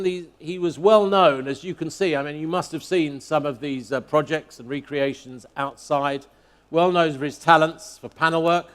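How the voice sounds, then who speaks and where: Male auctioneer, slightly high voice, brisk repetitive bid-calling. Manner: brisk, repeats bids in a rhythmic chant. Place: auction hall at a motor museum.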